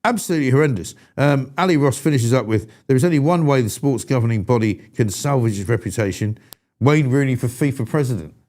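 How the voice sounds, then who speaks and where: A man's voice: mid-range voice, fast, darkish tone. A man hosts a live talk show, blunt and irascible. He rants about what annoys him with plain exasperation, then reads out viewer messages in the same blunt, chatty way. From England. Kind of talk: opinionated live show chat.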